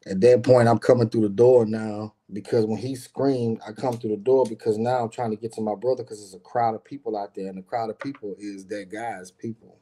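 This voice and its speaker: A man's voice: on the low side, steady tone, fairly quick, hardly any pauses, dark tone. A middle-aged man, a guest on a live stream, telling a personal story in a casual, emphatic and profane way, often turning to speak straight to his listeners.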